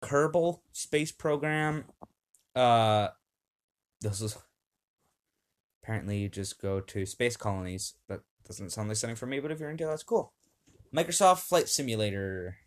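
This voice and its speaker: A man's voice: medium pitch, normal speed, pauses often. A young man hosting a casual home podcast, upbeat and rambling, with many fillers, reading lists off a screen. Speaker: podcast host.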